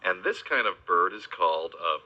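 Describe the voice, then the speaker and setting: Male kids' educator, slow and playful, low and very bright voice, dull lo-fi recording. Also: lively intonation. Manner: slow, playful, spells words out and makes animal noises. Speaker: children's educational host. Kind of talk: teaching young children about animals.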